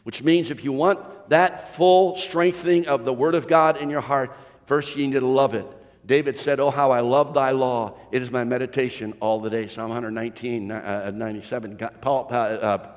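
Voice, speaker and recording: A man's voice: medium pitch, steady tone, normal speed. Man preaching in a reverberant hall. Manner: preaching with rising emphasis and rhetorical questions. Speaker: pastor. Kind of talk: sermon.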